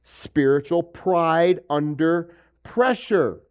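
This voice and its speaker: A man's voice: fairly high pitch, extremely slow, darkish tone, clean tone. A man preaching a sermon, asking rhetorical questions and acting out the voices of the people he quotes. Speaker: pastor.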